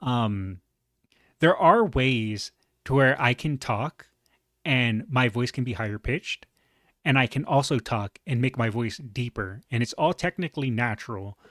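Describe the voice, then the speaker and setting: A man with a moderately deep voice reacting to a video in a relaxed, chatty way, thinking aloud with fillers. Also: measured pace, no room sound, clean studio sound. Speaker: reaction streamer. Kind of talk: casual reaction commentary.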